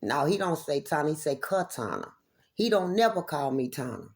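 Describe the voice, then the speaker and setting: A woman's voice: low-pitched, expressive, a little fast, darkish tone, husky. A woman talking straight to her viewers in an angry, confrontational monologue. She swears a lot and repeats herself. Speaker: vlogger addressing viewers. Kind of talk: angry direct-to-camera monologue.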